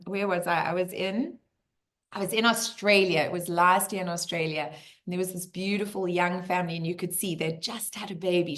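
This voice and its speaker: A teacher hosting a casual community Q&A, this woman is an animated storyteller with a lowish voice who acts out the voices of the people she quotes.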